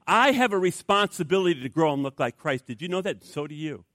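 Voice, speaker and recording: A man preaching a sermon as pastor, animated, acting out inner voices for his congregation. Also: high-pitched, brisk, hardly any pauses, no echo, clean studio sound. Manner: animated, acts out voices of flesh and Spirit.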